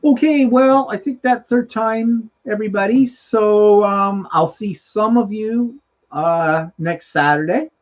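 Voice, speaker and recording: A man's voice: high-pitched, takes it slowly, muffled recording. A man hosting a casual livestream chat, reading out viewer comments and signing off the show. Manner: chatty, reads viewer comments aloud. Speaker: host.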